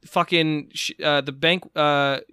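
A young man co-hosting a podcast, joking around in rapid, profane, casual banter. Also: a little high, fairly even intonation, pushed and bright, clean tone, no echo, studio quality.

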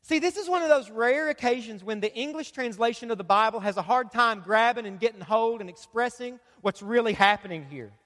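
A man preaching a sermon as pastor, emphatic and repetitive, building up to shouts. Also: very high voice, fairly quick, hardly any pauses. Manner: emphatic preaching, repeats phrases, rises to shouts. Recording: long reverb of a large hall.

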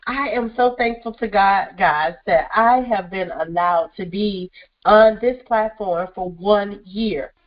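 A woman's voice: on the high side, lo-fi sound. A woman hosting her own radio show, talking enthusiastically and effusively, her voice a bit stuffy and congested from a cold. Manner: enthusiastic, effusive, repeats "listen" and "guys". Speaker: radio show host, therapist and motivational speaker. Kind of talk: upbeat solo radio show monologue.

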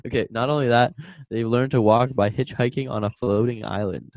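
A man's voice: mid-range voice, fairly even intonation, a little mellow, no echo, poor audio. A young man co-hosting a casual comedy podcast, reading a news article aloud with frequent stumbles and self-corrections. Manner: reads articles haltingly, stumbles and corrects himself. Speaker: podcast co-host.

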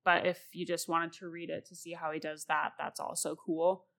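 A woman's voice: on the low side, flat delivery, normal speed, creaky, fairly bright tone. A woman host and novelist talking casually and at length about writing, rambling and laughing often.

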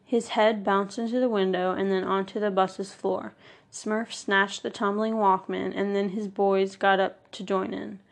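Gravelly woman narrating a memoir. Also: mid-range voice, little pitch movement, measured pace. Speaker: audiobook narrator. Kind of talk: first-person memoir narration.

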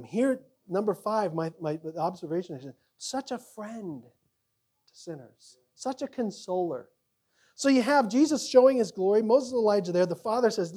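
Animated preaching man. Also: sits high. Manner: animated preaching that acts out quoted voices; swings between loud emphasis and quiet asides. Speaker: pastor. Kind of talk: sermon.

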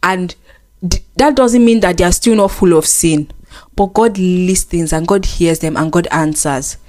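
A woman's voice: on the low side, warm tone, faint music behind. A woman co-hosting a casual faith chat, earnest and teasing. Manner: earnest, teasing, quick laughs. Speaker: co-host.

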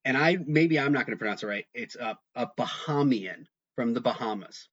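A man's voice: mid-range voice, quick pace. Lo-fi man telling a rambling story. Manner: animated storyteller, heavy use of "like". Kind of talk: casual chat, storytelling. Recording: slightly dull lo-fi sound.

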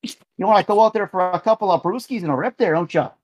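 Brief: man doing a loud, boisterous Canadian hockey bro, exaggerated accent, slangy drawl, pitched up. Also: fast, dry recording, highs cut off. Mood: rowdy. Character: male Northern Ontario hockey bro.

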